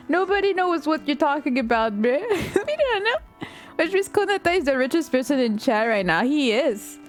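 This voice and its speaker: Young woman streamer, high voice, giggly and excitable, light music underneath. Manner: excitable, laughs often, shrieks at game moments. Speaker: live streamer. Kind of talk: casual chat while playing a game with viewers.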